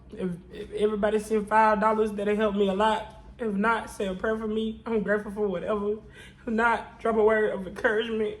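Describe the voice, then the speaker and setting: A woman's voice: mid-range voice, a little hiss or hum, poor audio. A tearful woman vlogger talking to her viewers in an emotional confessional vlog, repeating herself in a prayerful, testifying way.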